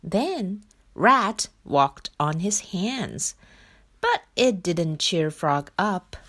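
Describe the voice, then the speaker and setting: A woman from China reading a children's picture book aloud in a slow, expressive storytelling manner. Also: on the low side. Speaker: storybook reader.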